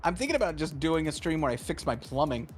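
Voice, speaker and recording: A high-pitched man talks casually on a stream. His pitch leaps around as he rants and jokes, swearing freely. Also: quick pace, soft background music. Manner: animated, profane, joking rants. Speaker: guest co-streamer.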